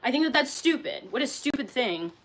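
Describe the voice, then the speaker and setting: A woman's voice: high voice, lively intonation, a little fast, fairly bright tone. A young woman casually chatting on a livestream, reading out and answering chat, candid, swearing and laughing often.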